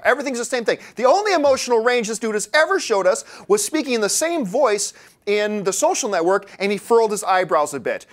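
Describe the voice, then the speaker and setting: A man's voice: high voice, very animated, fairly quick. A man arguing a mock courtroom case in a debate, theatrical and mocking, full of passion.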